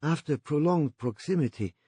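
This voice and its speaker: A man's voice: a little high, animated, normal speed, dark tone, breathy edge, no room sound, pitched above the performer's own voice. A man voicing a polite, careful middle-aged proprietor in an audiobook.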